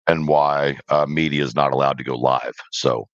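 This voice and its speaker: A man speaking as a panel guest on a livestream, in a measured, cautious way with frequent ums. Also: extremely low pitch, steady tone, dry recording. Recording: dull lo-fi dry call audio.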